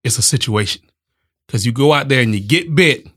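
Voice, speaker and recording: A man's voice: medium pitch, animated, a little fast, fairly bright tone. Male co-host, casual podcast banter, blunt and profane, plain everyday voice. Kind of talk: casual chat.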